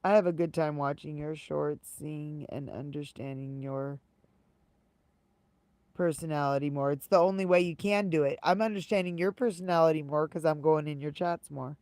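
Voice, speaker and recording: A woman's voice: deep voice, normal speed, darkish tone, no room sound. A woman live streamer telling casual stories to her viewers, rambling and repeating her phrases. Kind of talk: casual livestream storytelling.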